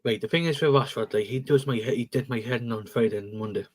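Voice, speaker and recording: Male panelist in a live football chat, chatty and casual, mid pitch. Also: quick pace. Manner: chatty, talks with mouth full. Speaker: guest panelist.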